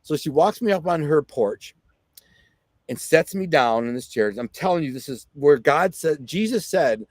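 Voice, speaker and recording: Speaking at a moderate pace in a dry recording, a Detroit man in middle age, slightly high-voiced, guests on a podcast. His storytelling is vivid and excited, with acted-out quotes, lots of fillers and frequent "right?" in a relaxed, conversational way.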